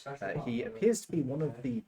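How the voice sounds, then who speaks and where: A man's voice: mid-range voice, animated, brisk, mellow. A man running a tabletop game as game master, casual and joking, with frequent fillers. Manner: casual, jokey, hesitant with fillers.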